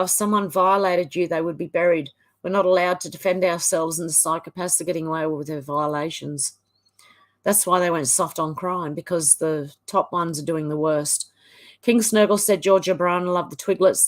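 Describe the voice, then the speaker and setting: A middle-aged Australian woman with a somewhat low voice hosts a live stream, reading out viewers' comments one after another. Her talk is chatty and apologetic, relaxed and casual. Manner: chatty, apologetic, reads comments in a quick running voice.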